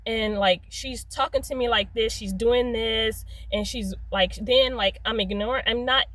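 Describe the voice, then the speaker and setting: A young adult woman telling a personal story in a casual, rambling way, full of "like" and "um", swapping curse words for softer ones. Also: on the high side, moderate pace, hardly any pauses, no room sound, rough recording. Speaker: storyteller vlogger.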